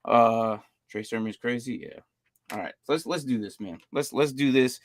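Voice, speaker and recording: A man chats loosely as a podcast host, laughing often and stumbling through text he reads aloud. His voice sits in a middle pitch. The sound is close and dry. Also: moderate pace, no echo. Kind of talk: casual chat, reacting to a video.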